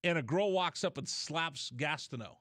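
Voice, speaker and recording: A man hosting a radio show, telling a rambling story in a casual, animated way. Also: a little high, normal speed, no room sound, studio quality. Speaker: radio host. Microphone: studio mic.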